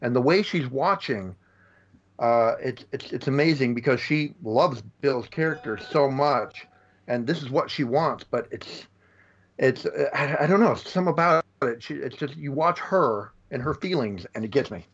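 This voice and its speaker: A man, a podcast guest, talking in an easygoing, halting way, searching for words. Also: medium pitch, highs cut off. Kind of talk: casual film chat.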